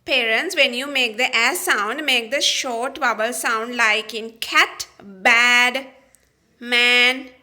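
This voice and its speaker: A woman teaching phonics to young children, repeating each sound and word slowly and patiently, with small slips and restarts. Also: fairly high pitch, pushed and bright. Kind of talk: slow, sing-song phonics lesson for young children.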